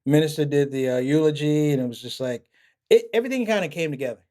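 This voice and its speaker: A male comedian, a guest on a podcast, telling a story in a lively conversational way and acting out the dialogue he quotes. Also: fairly high pitch, fast. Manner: animated, acts out quoted dialogue.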